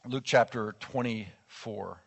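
A male pastor preaching a sermon in a lively, conversational way, acting out quotes as he goes. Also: lowish voice, slow pace, gravelly. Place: church sanctuary. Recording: long church hall reverb.

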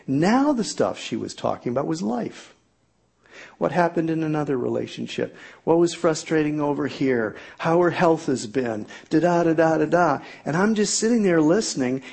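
A man's voice: fairly high pitch, animated, moderate pace, creaky, darkish tone, husky. A middle-aged man telling a humorous personal story to an audience in a self-mocking, exaggerated comic way.

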